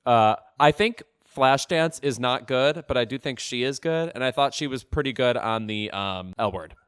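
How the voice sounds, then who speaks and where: A man's voice: mid-range voice, expressive, moderate pace, a bit bright, clear, resonant tone. A man co-hosting a podcast, chatting about pop culture in a wry, sardonic, self-deprecating way. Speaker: podcast co-host. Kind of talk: casual pop-culture chat.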